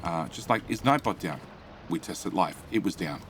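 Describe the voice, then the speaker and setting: Male live streamer, casual running commentary, animated pitch, chats to viewers between build steps. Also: normal speed, slight background noise. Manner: chatty, muttering to himself while building; reads out and greets chat. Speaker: game streamer.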